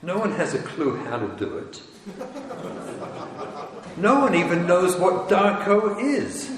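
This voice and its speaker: Man, rabbi, high voice, emphatic wry lecture, long hall reverb. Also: big pitch swings, slow pace, a crowd in the background. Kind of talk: lecture to parents. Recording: echoey hall with faint noise.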